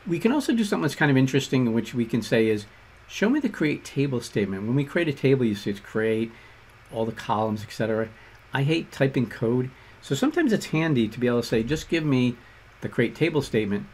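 A man with a Boston accent explaining code step by step in a relaxed tutorial. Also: mid-range voice, slight background noise. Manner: relaxed explanatory walkthrough with fillers and asides. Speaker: instructor. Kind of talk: screen-share coding tutorial.

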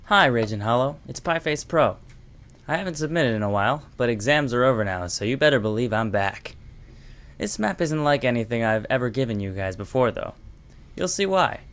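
A young man sends a casual recorded message about a map he built. His voice is smooth and middle-pitched, and he shrugs off praise with easy self-deprecation. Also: lively intonation, brisk, fairly bright tone.

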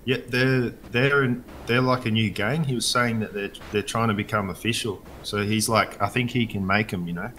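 A man's voice: on the low side, steady tone, normal speed, few pauses, a bit bright, a little hiss or hum. A man playing a gang member in a roleplay, casual and laid-back. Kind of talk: in-character roleplay chat.

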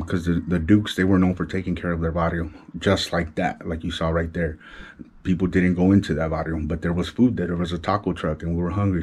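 His voice sits low and a little mellow, with slight background noise behind it. This middle-aged Los Angeles vlogger, speaking Chicano LA English and street slang, tells a story, imitates gunshots with his mouth, and stays quiet to let his wife sleep.

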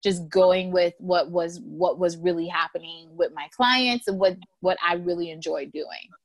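A woman's voice: on the low side, moderate pace, no room sound. Chatty woman lawyer telling stories. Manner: lively storyteller, acts out quotes, laughs often. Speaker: lawyer, guest. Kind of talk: casual interview chat.

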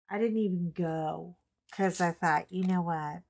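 A woman's voice: on the low side, normal speed. A middle-aged woman chatting casually at home while she paints, telling a funny story with frequent laughs and a bit of salty language. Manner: chatty storyteller, laughs often, colorful swearing. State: recovering from a cough. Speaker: craft channel host. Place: home craft table.

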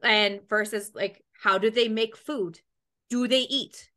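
Woman, casual chat, rambling, swears freely, acts out quoted lines, bright tone. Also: on the high side, fairly even intonation, slow.

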